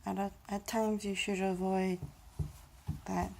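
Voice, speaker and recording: A young woman vlogging at home on a handheld phone, chatting to her baby in a playful voice that jumps to high squeals, sounding dizzy and unwell. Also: level tone, takes it slowly, vocal fry, dark tone, a little hiss or hum. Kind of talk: casual home vlog talking to her baby. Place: home room indoors. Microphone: handheld phone camera.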